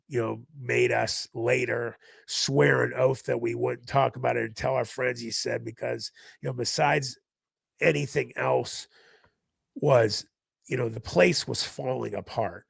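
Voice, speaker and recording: A man, a podcast guest, recounting a personal story in an animated way, acting out other people's voices as he goes. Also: mid-range voice, measured pace, creaky, breathy edge, no echo.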